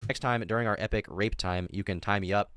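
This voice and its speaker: A man's voice: on the low side, fast talker, clean tone, no room sound, clean studio sound. A man responding to allegations by methodically reading out dated text messages in a defensive, matter-of-fact way. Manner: methodical, defensive, reads dates and quotes flatly.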